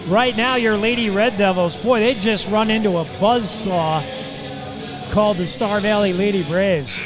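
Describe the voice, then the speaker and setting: Live on local radio, this male announcer handles play-by-play for a high school girls basketball game, with fast, excited calls that burst into shouts at big moments. He adds folksy remarks for listeners while music plays in the background.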